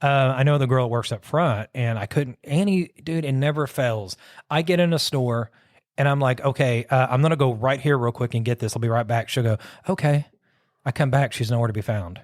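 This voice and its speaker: A man co-hosting a loose bar-style podcast, spinning a story in a drawling way and voicing each quoted line. His voice sits at an ordinary middle pitch. The sound is dry and close, with no room around it. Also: brisk, dry recording. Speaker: podcast co-host. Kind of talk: casual storytelling chat.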